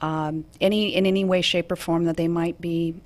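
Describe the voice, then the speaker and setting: Measured woman radio guest. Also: on the low side, fairly even intonation, darkish tone. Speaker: guest, realtor. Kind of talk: radio interview.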